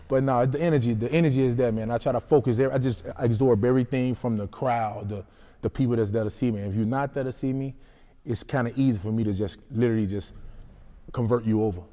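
A man's voice: medium pitch, fairly even intonation, quick pace, dark tone, highs cut off. A young man who fights in MMA, answering interview questions in a loose, rambling way, often adding "you know what I'm saying.". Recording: hall reverb.

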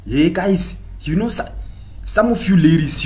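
A man's voice: high-pitched, lively intonation, measured pace. A South African man doing a mocking comic rant to the camera, preaching at women and switching between English and local languages. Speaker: comedian vlogger.

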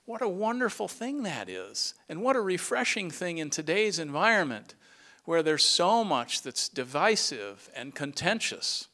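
A middle-aged man giving an earnest farewell speech as a retiring director, sometimes halting and restarting. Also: on the high side, very animated, bright, forceful tone.

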